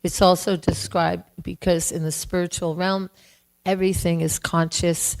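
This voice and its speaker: A woman giving a devotional class, telling a sacred story gently and voicing its characters. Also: lowish voice, little pitch movement, poor audio. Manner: gentle, slow storytelling with voiced quotes. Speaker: class speaker. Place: temple hall.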